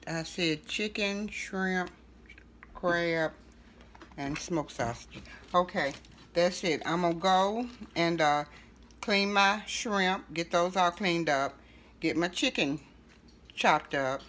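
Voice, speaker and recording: A woman's voice: lowish voice, slight background noise. Chatty woman cooking at home. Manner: relaxed, chatty, with frequent fillers and self-corrections. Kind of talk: casual cooking tutorial. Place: home kitchen.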